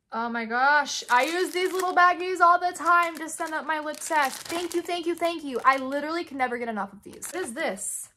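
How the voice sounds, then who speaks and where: A young woman vlogger excitedly opening fan mail, gushing and gasping as she reads notes aloud. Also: high-pitched, a little hiss or hum. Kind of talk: excited unboxing chat.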